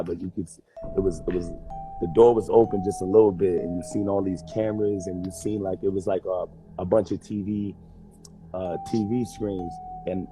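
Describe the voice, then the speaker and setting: A man's voice: low voice, poor audio. A man in casual chat, telling a story with lots of energy, laughing often and acting out other people's voices. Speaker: guest.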